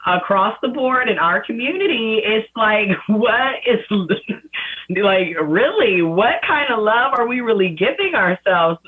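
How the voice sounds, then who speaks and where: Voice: medium pitch, animated, unhurried. Panelist heard over a tinny phone line. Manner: thinks aloud with many fillers. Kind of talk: casual panel discussion.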